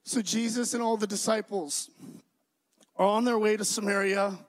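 A young adult man preaching a sermon, telling the story with animated, acted-out voices. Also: high-pitched, normal speed, low-quality recording.

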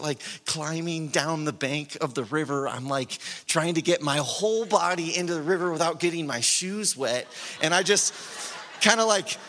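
Animated bright-voiced male preacher, hall echo. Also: high-pitched. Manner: animated storytelling, acts out inner dialogue. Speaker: pastor. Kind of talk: sermon with personal story. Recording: long hall reverb.

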